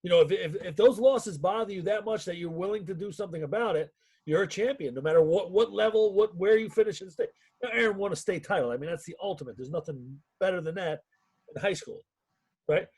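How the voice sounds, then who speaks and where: A man's voice: sits high, fast, a little mellow, husky. A man, a youth wrestling coach, recalling past matches in an earnest, reflective way. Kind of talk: casual podcast interview.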